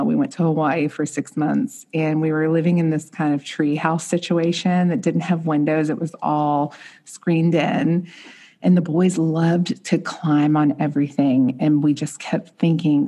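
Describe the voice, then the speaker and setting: A woman in her thirties with a low, husky, mellow voice. She tells a personal family story in an earnest, heartfelt way, sounding grounded and sincere. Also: steady tone, measured pace. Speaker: podcast guest, mother of three.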